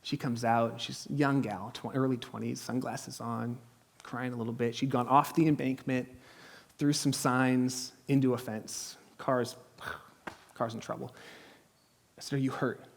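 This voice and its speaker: A man in his thirties, a pastor preaching a sermon in a conversational, humorous way, telling stories and dropping to a hush at tense moments. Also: mid-range voice, fairly even intonation, unhurried, vocal fry. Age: 30s. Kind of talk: sermon with storytelling. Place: church.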